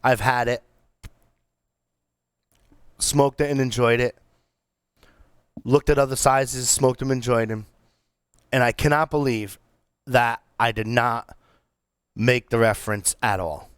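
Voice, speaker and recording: A man co-hosting a cigar podcast, talking in a casual, animated, rambling way with many restarts. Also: mid-range voice, slow, pauses often, clean tone, dry recording, studio quality. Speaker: podcast co-host reviewing cigars. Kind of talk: casual chat.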